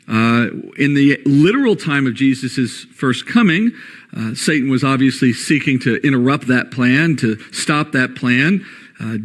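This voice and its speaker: A man's voice: on the high side, a bit bright. A man giving a lecture-style Bible study, posing rhetorical questions and checking in with listeners. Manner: rhetorical questions, frequent "all right?" checks. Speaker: Bible teacher.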